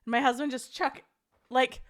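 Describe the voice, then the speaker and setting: Young woman host, slightly high voice, laughs a lot, casual live-chat storyteller. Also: normal speed. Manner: laughs often, animated storytelling. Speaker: podcast host reading stories.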